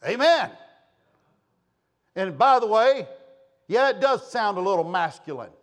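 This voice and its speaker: Impassioned preacher with a lively, high voice. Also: male voice, moderate pace. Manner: impassioned, swings from soft to shouting. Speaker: pastor. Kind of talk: sermon.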